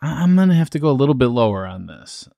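Laid-back man thinking out loud. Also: mid-range voice, very animated, quick pace, vocal fry, no room sound, clean studio sound. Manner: easygoing, thinks aloud with ums and joking asides. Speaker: podcast co-host. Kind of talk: casual chat.

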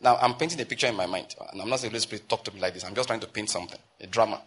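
A Nigerian man preaching from the pulpit, his voice husky and a touch breathy. He drives his points home emphatically, climbing into urgent appeals and then stretching out key phrases slowly for weight. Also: fairly low pitch, fairly bright tone. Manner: emphatic preaching, rising to urgent exhortation and slowing to stress phrases. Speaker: pastor. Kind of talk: sermon.

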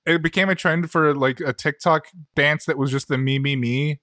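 A man in relaxed podcast chat with a bright, slightly raised voice. He talks quickly and emphatically, restarting his sentences. The sound is close and dry. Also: a little high, no echo. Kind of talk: casual chat.

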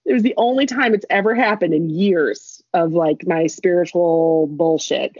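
A woman's voice: fairly low pitch, normal speed, darkish tone, slightly rough, dry recording. A young woman telling a rambling story in casual chat, laughing and adding asides as she goes. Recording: dull lo-fi dry recording.

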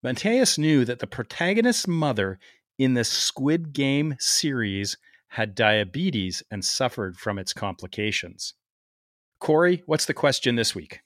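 A man's voice: mid-range voice, measured pace, no echo, clean studio sound. A man from Canada hosting a medical podcast, joking and teasing in casual chat. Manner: jokey, animated, teasing. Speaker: podcast host.

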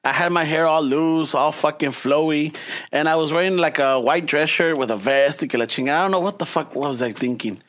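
Guy w a telling a bar story, kinda high voice, drops spanish slang everywhere. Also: a little fast, a bit bright. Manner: mixes Spanish slang into English, acts out voices in his story. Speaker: podcast co-host telling a story. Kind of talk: casual storytelling chat.

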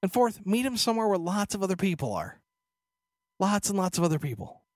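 A man's voice: sits high, very animated, a little fast, no echo, studio quality. A man co-hosting a casual podcast, ranting sarcastically and swearing freely. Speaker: podcast co-host. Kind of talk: casual chat.

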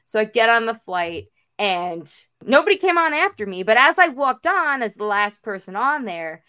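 A young woman co-hosting a podcast, telling a long story in casual chat, full of "like" and acting out everyone's lines with big jumps in pitch. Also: moderate pace, smooth. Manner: animated, acts out quotes with big pitch jumps; peppered with "like" and casual swearing. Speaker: podcast co-host.

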